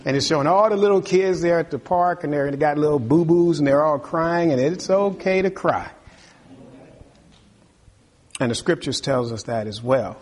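A man's voice: a little high, normal speed. A male pastor preaching a sermon, reading scripture aloud and calling out to the congregation for responses.

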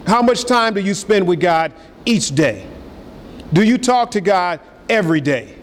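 A man preaching a sermon, firing rhetorical questions at the congregation and swinging between loud high emphasis and low quiet asides. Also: lively intonation, unhurried, slight background noise. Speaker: pastor. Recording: long reverb of a large hall.

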